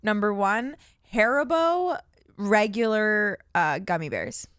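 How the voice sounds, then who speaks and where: Woman cohost, playful and giggly, lively pitch, dry close sound. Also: slow pace, clear, resonant tone, no echo. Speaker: podcast co-host. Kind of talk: casual chat.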